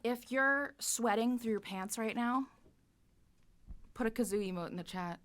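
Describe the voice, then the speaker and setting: Campy high-voiced woman host. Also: a bit bright. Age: 30s. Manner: playful, campy and quick-witted. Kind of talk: theatrical livestream variety show hosting. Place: home studio.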